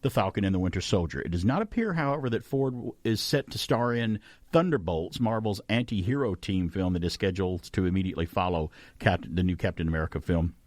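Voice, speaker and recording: Chatty deep-voiced male radio host. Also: fast, a little mellow, dry recording. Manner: chatty and enthusiastic, laughs often. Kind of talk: casual radio talk.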